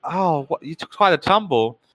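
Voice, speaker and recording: A man's voice: fairly high pitch, expressive, normal speed, fairly bright tone, pitched above the performer's own voice, low-quality recording. A man voicing a sweet, overly hospitable 1950s housewife who fusses over her guests in a tabletop game. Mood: fussing. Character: sweet, fussing 1950s housewife, middle-aged woman.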